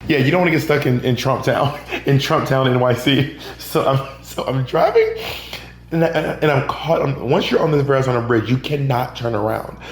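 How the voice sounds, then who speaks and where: Here a podcast guest from Georgia in the US, who does drag and comedy, tells casual stories in an interview, animated and voicing other people's lines. He speaks at medium pitch and a moderate pace; the room echoes, with a faint hum underneath.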